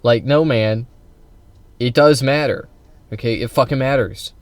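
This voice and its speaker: A man's voice: mid-range voice, a little slow, no echo. A man streaming live and ranting about politics, combative and heated, talking straight at his chat. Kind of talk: casual political livestream rant.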